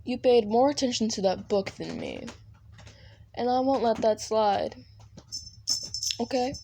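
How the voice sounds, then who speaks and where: A woman voicing a possessive male TV-headed demon overlord in a fan audio role-play, talking in a smooth, coaxing, controlling way. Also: on the high side, lively intonation, measured pace, dark tone, faint music behind.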